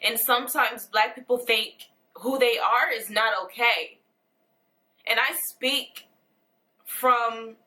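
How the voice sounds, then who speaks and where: A young woman in a personal video monologue, tearful and earnest, pausing and restarting her sentences. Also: on the high side, sharp tone, low-quality recording. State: crying, tearful. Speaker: vlogger.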